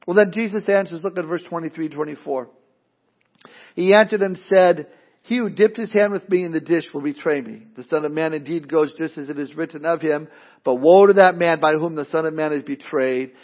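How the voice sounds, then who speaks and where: A man with a high voice preaches a sermon in a loose, conversational way, breaking into asides and playful mock voices. The recording sounds dull and lo-fi. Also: a little fast. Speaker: pastor.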